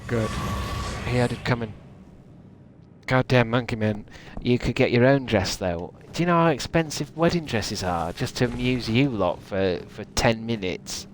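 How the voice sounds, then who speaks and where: With a little background noise behind him, a young gamer commentates on his live stream in a medium-pitched, animated voice at normal speed. He rambles, curses, mocks himself and laughs often.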